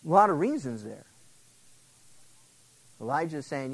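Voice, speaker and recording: A man's voice: on the high side, animated, moderate pace, poor audio. A male pastor giving an expository sermon in a conversational way, with frequent asides to the congregation.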